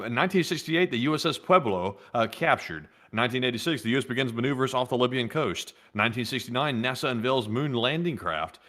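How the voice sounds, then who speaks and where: A man co-hosting a live stream, reading viewer messages aloud in a plain, measured way. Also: medium pitch, fairly bright tone.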